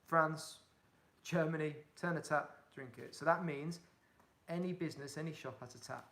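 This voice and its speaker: Casting: young yorkshire guy, hull accent, a bit high-voiced with some fry, friendly livestream chatter. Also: steady tone, normal speed, a bit bright. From England. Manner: chatty, reads out viewer comments, upbeat and encouraging. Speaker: touring cyclist answering live chat. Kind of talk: casual livestream chat.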